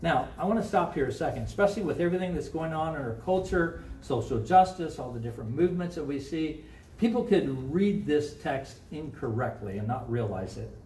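A Midwestern pastor delivers a sermon in an echoey church sanctuary, recorded by a distant mic with slight background noise. His male voice sits on the high side with a darkish tone, and he's animated and brisk. He keeps it conversational and puts questions to the congregation.

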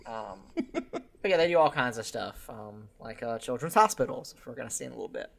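Speaking a little fast with medium pitch and some vocal fry, another man co-hosts the same kind of laid-back film recap podcast. He's animated, laughs a lot, and acts out the characters' dialogue as he goes scene by scene.

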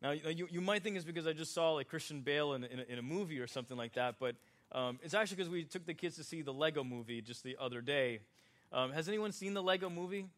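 A man's voice: a little high, quick pace, a bit bright. A man preaching a sermon in a conversational, joking way, talking directly with his congregation. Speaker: pastor.

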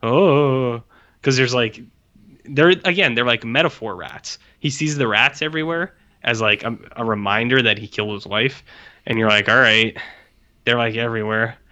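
On a podcast with a dull lo-fi sound, a male co-host with a sharp-toned, mid-range voice talks at normal speed. The chat is casual, and he rambles, cracks jokes and curses freely.

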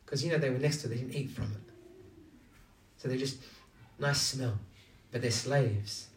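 Heard from far off in an echoey space with slight background noise, a man of medium pitch and normal speed preaches an engaging, conversational sermon, asking the audience question after rhetorical question.

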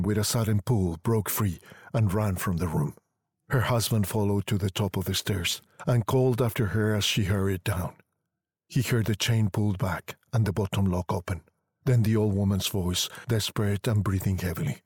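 A man narrating a story in a measured, deliberate reading style. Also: on the low side, darkish tone, breathy edge, dry recording, studio quality.

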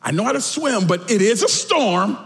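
A man's voice: high voice, expressive, moderate pace, voice pushed up. A man voicing a startled male apostle who is sinking in a storm and talks in casual modern slang. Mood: alarmed. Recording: echoey hall reverb.

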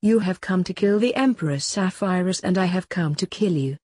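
A stern, no-nonsense father and secret agent, read by a woman in her own voice. The voice is husky and dark-toned, close and dry, delivered in a plain, matter-of-fact storybook way. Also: on the low side, fairly quick, no room sound.

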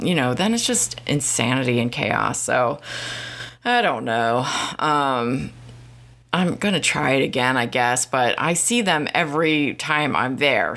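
A woman's voice: extremely low pitch, vocal fry, fairly bright tone. A woman ranting casually to camera, irritated and profane, rambling with lots of fillers. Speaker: vlogger.

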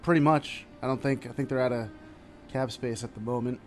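Guy ranting about his team, gets loud and excited fast, casual podcast talk. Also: medium pitch, slight background noise. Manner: animated, ranting, excitable with sudden loud jumps. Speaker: podcast co-host. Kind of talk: casual sports chat.

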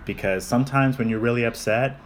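A man's voice: mid-range voice, fairly quick, slight background noise. A young man co-hosting a casual podcast chat, talking in long rambling stretches with frequent restarts. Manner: rambling, repeats and restarts, self-deprecating. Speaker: podcast co-host.

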